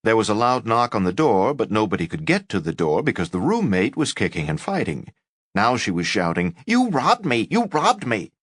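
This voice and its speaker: A man reading a first-person memoir aloud in an expressive narration. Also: lowish voice, fairly quick, husky, no room sound, clean studio sound. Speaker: audiobook narrator. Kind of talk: scripted narration.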